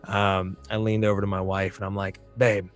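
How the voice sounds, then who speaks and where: A man's voice: sits low, monotone, brisk, soft background music. A man hosting a podcast, telling a story from his past in a blunt, profane monologue. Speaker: podcast host.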